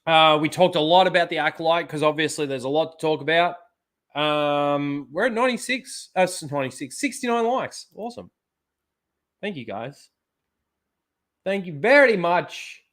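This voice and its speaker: A man's voice: fairly high pitch, expressive, moderate pace, fairly bright tone. A man hosting a casual livestream, rambling bluntly with casual swearing. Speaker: livestream host.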